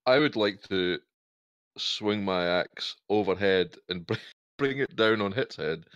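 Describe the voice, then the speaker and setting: A man's voice: fairly low pitch, measured pace, fairly bright tone, smooth, no room sound, highs cut off. A man playing a tabletop game, declaring his character's attack in an easygoing, chuckling way. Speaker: player. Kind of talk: casual tabletop game chat.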